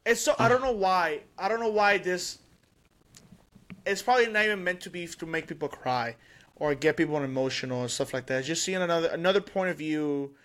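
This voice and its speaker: A man co-hosting a podcast, chatting casually and excitedly, rambling with restarts and laughs. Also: a little high, fairly quick. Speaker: podcast co-host. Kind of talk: casual chat.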